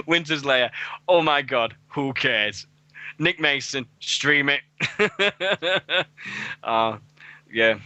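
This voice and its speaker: Excitable British male co-host, very bright tone, dry close sound. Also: on the high side, very slow, long pauses, no echo. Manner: excitable, laughs a lot, swears freely. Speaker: wrestling radio co-host. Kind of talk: casual podcast chat. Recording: dull lo-fi podcast audio.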